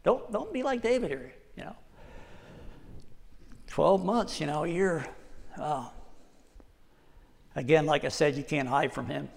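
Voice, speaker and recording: A man preaching a casual, conversational sermon, often repeating himself and reading scripture aloud slowly. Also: fairly high pitch, vocal fry, big-room sound.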